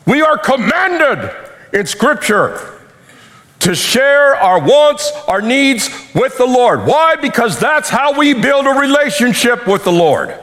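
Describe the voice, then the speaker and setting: A man preaching a sermon with animated delivery, acting out quotes, while losing his voice. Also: very high-pitched, takes it slowly. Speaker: pastor.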